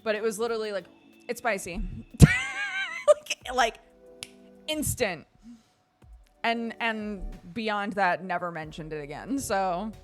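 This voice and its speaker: A woman streamer chatting casually with her viewers, telling stories in an animated way with lots of laughter and fillers. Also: mid-range voice, measured pace, long pauses, soft background music.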